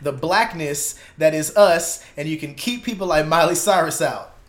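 A man's voice: on the high side, normal speed. A man co-hosting a podcast, tossing in dry teasing quips and laughing between them. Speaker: podcast co-host. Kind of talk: casual podcast banter. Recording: echoey room.

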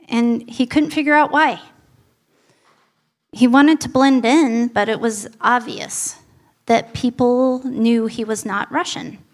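A woman pastor preaching a sermon, telling personal stories in an earnest way. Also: fairly high pitch.

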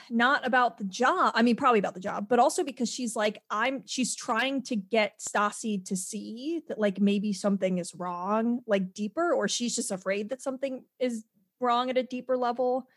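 A woman's voice: a little high, moderate pace. A woman co-hosting a podcast, talking casually and rambling with many fillers and restarts. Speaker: podcast co-host. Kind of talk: casual chat.

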